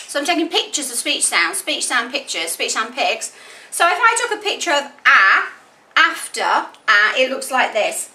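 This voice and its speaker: A woman teaching reading, explaining phonics and slowly sounding words out into separate speech sounds. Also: sits high, pushed and bright. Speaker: literacy teacher. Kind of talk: instructional explanation. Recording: roomy echo, distant mic, faint background noise.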